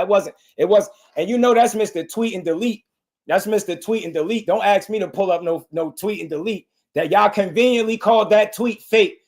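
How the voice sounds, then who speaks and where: Insistent man on a live boxing stream. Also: high voice. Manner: animated, insistent, repeats himself, calls out viewers. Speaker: boxing show host. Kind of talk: live-stream boxing talk, answering chat.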